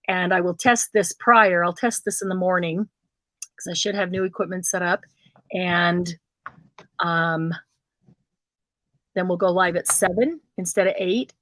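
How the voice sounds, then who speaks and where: A woman's voice: lowish voice, fairly bright tone, dry recording. Chatty woman hosting a livestream. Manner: chatty, addresses viewers by name. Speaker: craft livestream host. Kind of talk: casual livestream chat.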